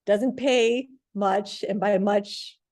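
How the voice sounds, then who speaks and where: A woman in her thirties, a TV reporter telling her career story in a casual interview, rambling with lots of "like" and lively retellings. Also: medium pitch, extremely slow. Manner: rambling, heavy use of "like", animated retelling. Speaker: TV sports reporter, guest.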